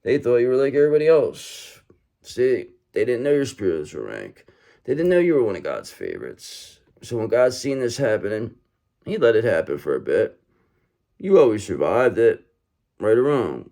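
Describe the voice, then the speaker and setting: A man's voice: medium pitch, wildly swooping pitch, normal speed, vocal fry, mellow. A man giving a tarot reading straight to his viewers, talking emphatically, repeating himself for effect and checking in with "okay?" and "brother". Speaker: tarot reader.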